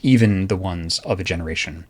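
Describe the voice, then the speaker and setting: A man's voice: low-pitched, brisk, a little mellow, slightly rough. A man running a tabletop role-playing game, explaining the setting in a casual, rambling way. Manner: casual, rambling, many fillers. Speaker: game master.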